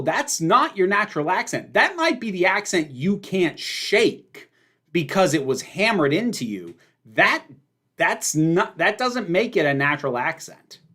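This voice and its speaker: Male streamer host, emphatic and opinionated, lively up-and-down delivery. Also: on the high side. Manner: opinionated, emphatic, rambling with fillers. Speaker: livestream host answering viewer questions. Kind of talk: casual livestream chat.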